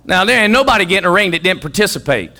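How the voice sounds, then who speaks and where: A male pastor preaching a sermon in church, energetic and joking, calling for answers from the congregation. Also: high voice, racing. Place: church sanctuary.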